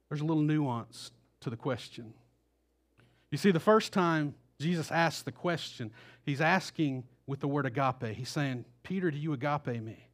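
A man's voice: a little high, a bit bright. A male pastor preaching a sermon, acting out the quoted voices with rising intensity.

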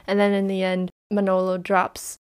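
An animated woman podcaster recaps a film in loose, casual chat. She laughs often and drops the odd swear, speaking at an ordinary middle pitch. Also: normal speed, clean tone. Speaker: podcast co-host.

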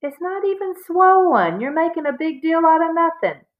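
A woman reading aloud, voicing a clever young girl who speaks calmly and matter-of-factly to her brother. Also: very high voice, normal speed, phone-quality sound, pitched above the performer's own voice. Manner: calm, matter-of-fact. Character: clever, calm young girl, know-it-all sister.

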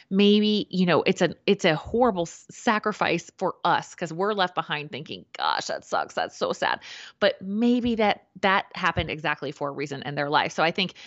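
A woman with a somewhat low voice tells a personal story over a remote call, chatty and animated, acting out the people she quotes. The audio is dull and lo-fi, with a dry, close sound. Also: no echo. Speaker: podcast co-host. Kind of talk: casual conversational storytelling.

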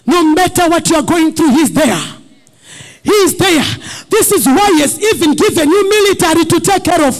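A male pastor preaching a sermon, rising to shouted, crying peaks and repeating short refrains, with his voice sometimes drifting away from the mic. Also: very high voice.

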